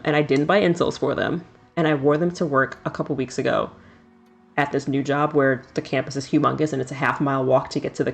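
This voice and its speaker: A woman's voice: deep voice, creaky. A woman in her thirties, a streamer chatting casually and laughing often while doing her nails. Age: 30s.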